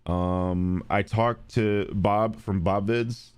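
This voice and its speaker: A man streaming live, chatting casually and responding to viewers, animated and blunt, with frequent swearing. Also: extremely slow. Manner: animated, swings between loud and low, swears freely.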